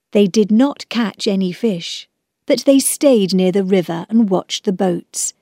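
A woman reading a children's storybook aloud, clear, measured and expressive. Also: mid-range voice, no echo, studio quality. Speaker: narrator.

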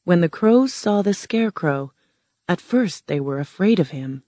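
Woman narrator, storybook reading, measured, slow, middle pitch, dry close recording. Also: lively intonation, warm tone, dry recording. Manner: plain, measured reading aloud.

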